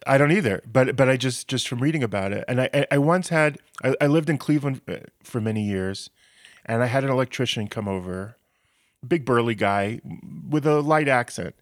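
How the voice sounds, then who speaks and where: A man's voice: mid-range voice, lively intonation, a little fast, dry recording, studio quality. A man hosting a podcast in a casual, chatty way, telling stories with frequent restarts. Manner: chatty, storytelling, many restarts. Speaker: podcast host.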